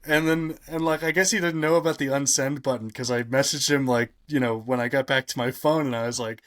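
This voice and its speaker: A man, a podcast guest, telling a long story in casual chat, rambling with many fillers and turning animated when he quotes other people. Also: medium pitch, brisk, few pauses.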